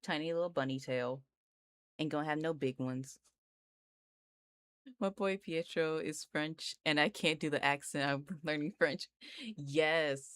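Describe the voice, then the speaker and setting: Low-voiced giggly woman. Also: steady tone, unhurried, long pauses, no room sound, studio quality. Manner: giggly, rambling, slangy. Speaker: art streamer. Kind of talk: casual chat while drawing live.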